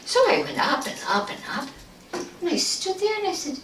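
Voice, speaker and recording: A woman giving a storytelling speech at a club meeting, acting out the voices and dropping to a hush for punchlines. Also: high-pitched, fairly quick. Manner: animated, acts out voices, hushed at punchlines. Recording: echoey room, distant mic, faint noise.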